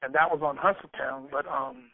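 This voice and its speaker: A man's voice: on the high side, very animated, a little fast, gravelly, no echo. A man being interviewed, telling a loose story full of swearing and stammered restarts. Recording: dry, tinny phone-like sound.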